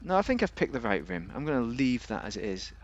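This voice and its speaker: Male game host, loose conversational review delivery, easygoing humour, average pitch. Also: big pitch swings, fast, dull audio. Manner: chatty, rambling, jokey. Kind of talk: casual game car review commentary.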